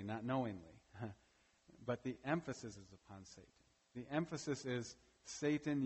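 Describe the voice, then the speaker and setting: Emphatic male pastor in reverberant church. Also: mid-range voice. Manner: emphatic preaching with frequent "right?" tag questions. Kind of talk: sermon. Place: church during a morning service.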